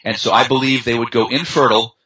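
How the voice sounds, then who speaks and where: A man talking in an unhurried, chatty way as a guest in a conversation, with fillers and easy storytelling. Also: medium pitch, fairly even intonation, pushed and bright. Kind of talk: casual conversation. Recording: dull lo-fi sound.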